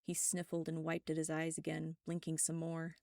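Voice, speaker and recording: Woman narrator, steady and wry, low gravelly voice, dry sound. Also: moderate pace, no echo. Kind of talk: first-person narration of a web serial.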